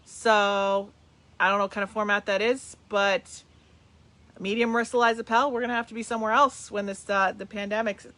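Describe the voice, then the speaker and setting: A woman's voice: mid-range voice, fairly even intonation, a little fast, bright, forceful tone. A middle-aged woman from New Jersey hosting a live webcast as a medium, chatting casually and greeting viewers by name. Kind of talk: casual live-stream chat. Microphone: webcam on a video call.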